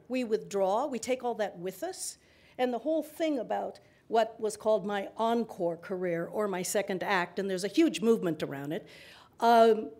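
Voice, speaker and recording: Forum guest: woman, 60s, mid-range voice, lively conversational storyteller. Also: mid-range voice. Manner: animated, laughs between remarks. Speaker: panel guest. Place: public forum event.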